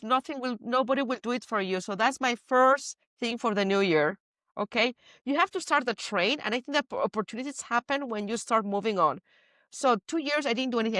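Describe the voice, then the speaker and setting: A woman from Spain with a Spanish accent, hosting a podcast and telling stories in an animated, playful way. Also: on the high side, no room sound, clean studio sound. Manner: animated storyteller, playful asides. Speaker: podcast host. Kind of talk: casual chat.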